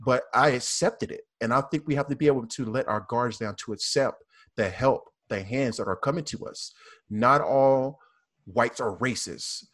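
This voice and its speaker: An earnest man talks as a police officer guest on a discussion panel. His voice sits at an average pitch, and he circles back over his points with halting restarts and repeated phrases. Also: fairly bright tone. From American South.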